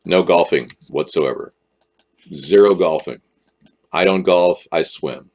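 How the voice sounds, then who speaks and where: A man's voice: low-pitched, slow, darkish tone. A man hosting a political live stream, rambling and joking and often jumping into exaggerated voices. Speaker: livestream host.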